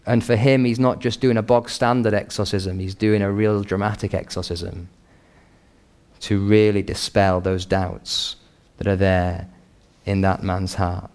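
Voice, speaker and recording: A man preaching a sermon in an earnest, measured and emphatic pastoral way. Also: lowish voice, flat delivery, darkish tone, clean tone.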